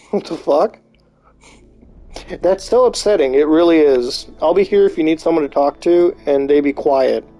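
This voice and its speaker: A man's voice: fairly high pitch, measured pace, long pauses. A man streaming live, reading posts aloud and reacting with disbelief and swearing. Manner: incredulous, swearing, reacting out loud.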